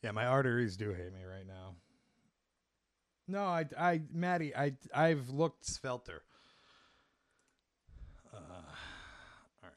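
A man's voice: medium pitch, sing-song, slow pace, long pauses, dry recording, studio quality. A young man co-hosting a podcast, chatting casually and crudely, joking and swearing freely. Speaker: podcast co-host. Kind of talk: casual chat reacting to videos.

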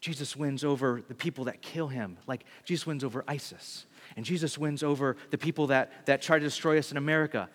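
A man preaching a sermon in a casual, animated way, full of slang and fillers. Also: on the high side. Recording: long hall reverb.

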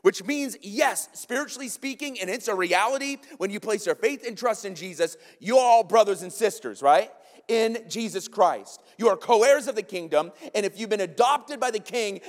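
An American man preaching a sermon as pastor, lively and conversational, checking in with the congregation with frequent asides. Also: high-pitched, normal speed. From United States. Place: church sanctuary. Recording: long hall reverb in a sanctuary.

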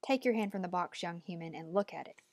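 A woman's voice: lowish voice, quick pace, darkish tone, no room sound, lightly acted. A woman reading an audiobook, voicing a stern, cold, commanding old woman who speaks in clipped, imperious lines. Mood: appraising.

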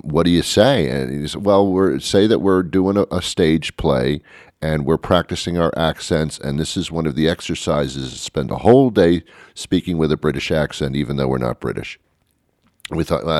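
Very deep-voiced older male radio host. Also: darkish tone, dry recording, clean studio sound. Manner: rambling, stumbling restarts. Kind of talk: radio talk monologue.

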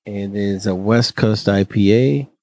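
A man's voice: lowish voice, unhurried, darkish tone, no room sound, rough recording. A man co-hosting a casual beer podcast, rambling with lots of fillers and slipping into jokey silly voices. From Fresno, California. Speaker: podcast co-host.

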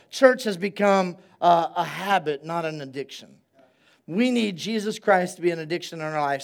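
A male pastor speaking high in his range gives an easygoing, conversational sermon. Repetition drives his emphasis, and the congregation answers him in call-and-response during the service.

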